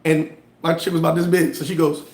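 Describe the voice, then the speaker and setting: A fairly high-voiced man talks straight to his viewers in a casual motivational livestream. He tells stories with lively, slangy energy and stops to answer comments. The sound is roomy and echoey. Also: fast talker. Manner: animated storytelling with street slang. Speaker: livestream host giving motivational talk. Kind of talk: casual motivational live chat.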